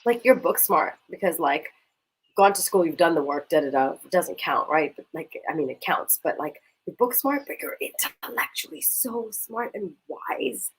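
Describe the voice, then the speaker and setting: A woman leading a coaching exercise in casual chat, talking in an animated, gushing way and swearing casually. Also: low voice, moderate pace, breathy edge, rough recording.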